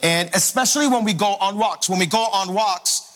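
A man preaching to his congregation as a pastor, energetic and playful, calling out to the crowd. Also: high-pitched, normal speed. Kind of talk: sermon. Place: church sanctuary. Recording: long hall reverb with faint music.

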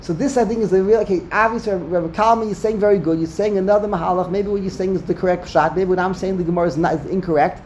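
A man's voice: sits high, fairly even intonation, fast, hardly any pauses, a little mellow, a little hiss or hum. A man leading a Talmud study discussion, asking rhetorical questions and mixing in Hebrew terms. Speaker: Torah study teacher.

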